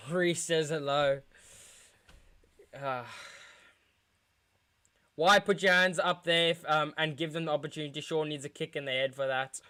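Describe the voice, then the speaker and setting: A man's voice: a little high, steady tone, a little slow, pauses often, sharp tone, smooth. A young man from England streaming a football watchalong, groaning and sighing in dejection as he talks to his chat. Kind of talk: live football watchalong reaction.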